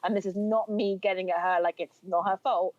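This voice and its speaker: A woman's voice: medium pitch, steady tone, no echo. Frank woman podcaster, dry lo-fi sound. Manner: frank, opinionated, halting restarts. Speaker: podcast co-host. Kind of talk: casual panel chat. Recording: slightly dull lo-fi dry sound.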